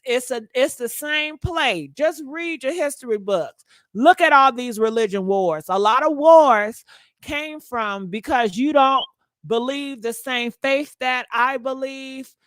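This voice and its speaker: High, dry-voiced woman gossip host. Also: no room sound. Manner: animated, blunt, talks back to the viewers. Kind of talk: casual commentary.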